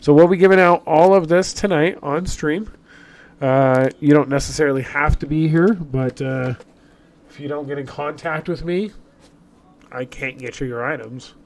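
A man's voice: on the high side, moderate pace, darkish tone, a little hiss or hum. Sick, coughing male streamer. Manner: upbeat, chatty announcer of giveaways. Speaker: streamer host. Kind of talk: casual livestream chat.

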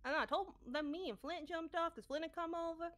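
Woman doing a stubborn, jewel-smashing adventurer, high voice, sharp tone, rambling, forgetful, swears casually, in-character recap. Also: a little fast.

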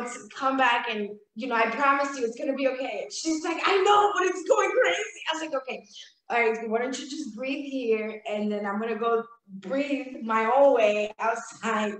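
A woman telling a lively personal story on a casual live stream, acting out her own lines with laughs. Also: high voice, reverberant, slight background noise, poor audio.

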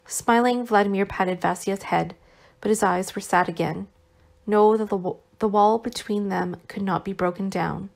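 Woman narrator with a gravelly voice. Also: mid-range voice, steady tone, moderate pace. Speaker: audiobook narrator. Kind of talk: novel read aloud.

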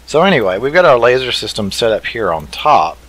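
A man's voice: mid-range voice, sing-song, fairly quick, fairly bright tone, rough recording. A man hosting a let's play, thinking aloud in an easygoing way as he builds. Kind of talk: casual game commentary.

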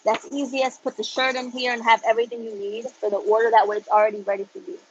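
A woman's voice: fairly high pitch, level tone, fast, muffled recording, slight background noise. A woman who runs an embroidery business, chatting casually as she answers viewer questions and switches between English and Spanish, laughing at herself. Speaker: embroidery business owner answering live chat. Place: home embroidery studio.

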